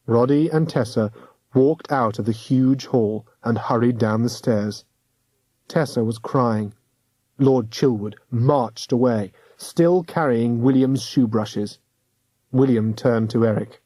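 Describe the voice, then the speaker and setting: A man narrating a children's audiobook with a measured, dramatic reading. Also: medium pitch, mellow, no echo. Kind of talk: scripted storybook narration.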